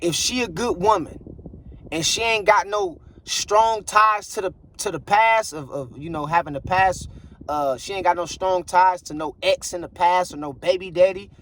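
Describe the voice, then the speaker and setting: A man's voice: sits high, moderate pace, fairly bright tone, a little hiss or hum. A man giving blunt, preachy relationship advice in a casual monologue, repeating himself for emphasis. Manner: blunt, preachy, repeats phrases like "bruh" and "I guarantee you". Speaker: relationship commentator.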